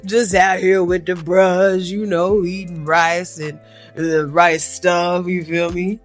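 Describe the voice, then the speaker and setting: A woman putting on a swaggering young man who calls himself a pimp, with a slow, laid-back drawl. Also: lowish voice, flat delivery, over music, voice pushed down. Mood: boastful. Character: swaggering young male self-styled pimp.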